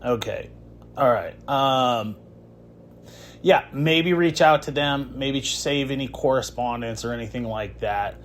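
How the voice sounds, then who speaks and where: Young man, podcast host, combative, preachy, taunting, voice of middling pitch, faint background hiss. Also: unhurried. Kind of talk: heated phone confrontation and podcast intro.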